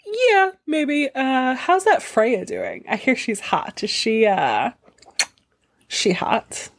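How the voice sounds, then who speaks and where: A woman's voice: sits high, big pitch swings, slow, pitched above the performer's own voice, heavily acted. A woman doing a crude, leering ogre lord. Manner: crude, leering, casual slang. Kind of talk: comedic storytelling.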